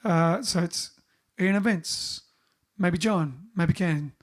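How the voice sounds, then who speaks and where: Reading viewers' greetings one after another, a bandleader chats casually on a livestream he hosts from home during lockdown. He speaks slowly, in a voice that sits high.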